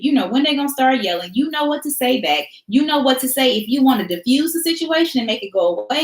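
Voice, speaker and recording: Emphatic woman giving a motivational talk. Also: high voice. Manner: preachy, emphatic repetition with casual slang. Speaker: teacher hosting a talk session. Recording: roomy echo.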